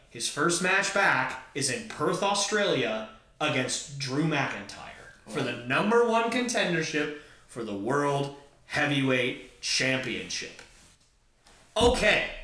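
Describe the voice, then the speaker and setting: A man's voice: on the high side, sharp tone. A man hosting a podcast, talking through wrestling fantasy booking in an enthusiastic, joking fan way. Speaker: podcast host. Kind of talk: casual fantasy-booking talk. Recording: roomy echo, far from mic.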